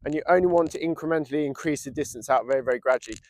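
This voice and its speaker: A man with an English accent, a dog trainer calmly explaining his method and giving short commands to a dog outdoors. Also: a little high, racing. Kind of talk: outdoor training lesson to camera. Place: outdoors in a field.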